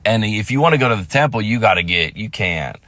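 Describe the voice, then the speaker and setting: A male comedian telling a story to camera, rambling and breaking off into quick asides. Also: lowish voice, expressive, a bit bright, dry recording.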